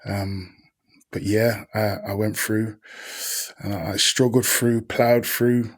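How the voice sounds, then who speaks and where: A husky, low-voiced man, a podcast guest sharing stories in an easy, conversational way. He talks in slang and brings the people in his stories to life by voicing them. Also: takes it slowly. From Birmingham, England. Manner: animated, slangy storyteller who acts out quoted people. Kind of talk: casual interview storytelling.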